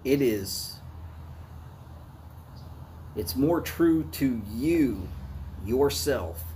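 A man's voice: mid-range voice, expressive, extremely slow, warm tone, slight background noise. A man with a Southern US accent hosting a live cigar review, chatting to viewers in a folksy way. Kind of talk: casual live-stream talk.

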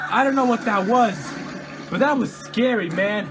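A man playing a horror game and commenting casually, jumpy and swearing constantly, yelling and laughing at the scares. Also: sits high, lively intonation, normal speed, over music. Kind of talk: casual let's-play commentary.

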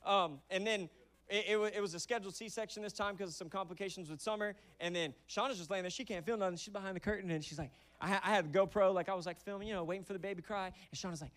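A young man preaching from a church stage with a high, lively voice. He keeps it conversational and animated, slipping into quick bits of acted-out dialogue. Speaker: pastor. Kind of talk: sermon. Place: church auditorium.

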